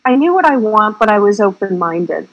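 A woman's voice: mid-range voice, big pitch swings, normal speed, lo-fi sound. Woman director, casual interview, chatty and rambling with a frank, salty streak. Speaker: independent film director.

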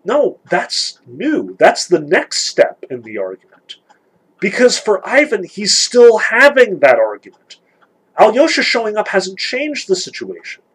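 A man lecturing on a novel, animated, sarcastic and emphatic, reading passages aloud. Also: high voice, a little slow, breathy edge, low-quality recording. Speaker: literature lecturer.

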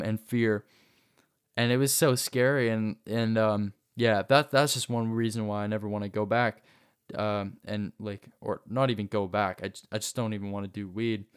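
A man's voice: fairly low pitch, clean tone. A young man casually telling a personal story, rambling with many fillers and restarts. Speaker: vlogger.

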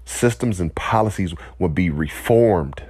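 A man giving an impassioned, emotional speech, weary and close to tears, pausing to collect himself. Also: sits low, animated, a little mellow, breathy edge, no room sound. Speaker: speaker addressing listeners.

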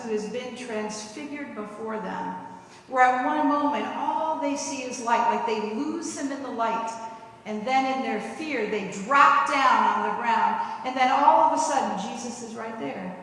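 A woman's voice: fairly high pitch, fairly bright tone. A middle-aged woman pastor preaching a conversational, vivid sermon full of rhetorical questions, recorded in a church sanctuary. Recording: echoey church hall.

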